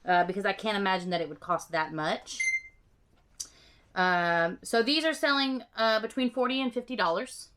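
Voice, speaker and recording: A woman's voice: medium pitch, moderate pace, fairly bright tone. A woman vlogging while unboxing items, casual and playful, with many ums. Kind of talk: casual chat.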